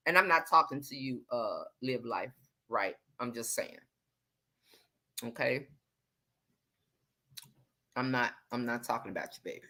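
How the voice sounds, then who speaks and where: Sassy low-voiced woman with a bright edge. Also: normal speed, long pauses. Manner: sassy, animated, swings from low muttering to loud exclamations. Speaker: livestream host reading viewer comments. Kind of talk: casual livestream chat.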